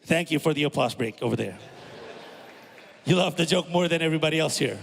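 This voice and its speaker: Indonesian man, stand-up comedy, fairly high voice, gravelly, long hall reverb on a stage mic. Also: a little fast. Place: live stage in a large hall.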